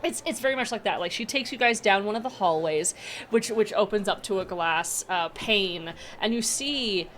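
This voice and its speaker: A woman's voice: mid-range voice, moderate pace, a bit bright, a little hiss or hum. Casual woman narrating a game. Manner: casual, filler-heavy narration. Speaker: game master.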